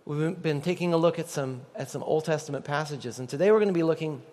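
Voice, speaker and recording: A man's voice: a little high, fast talker, darkish tone. A man preaching a sermon as pastor, conversational and joking with the congregation. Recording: long reverb of a large hall.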